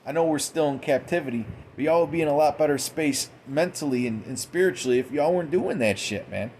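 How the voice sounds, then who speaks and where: A man's voice: on the high side, fairly quick, a little mellow, slight background noise. A man giving a profane, mocking late-night commentary monologue, quoting scripture in a preachy way. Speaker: commentary host.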